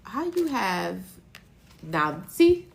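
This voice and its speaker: A woman's voice: medium pitch, sing-song, very slow, vocal fry. A woman giving a live-stream tarot reading, talking emotionally and rambling, with casual swearing. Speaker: tarot reader.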